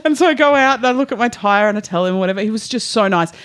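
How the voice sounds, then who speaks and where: A young adult woman, co-hosting a podcast in casual chat, telling a story with lively quoted voices and frequent swearing. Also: mid-range voice, racing. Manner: animated storytelling, acts out quotes, swears freely. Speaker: podcast co-host.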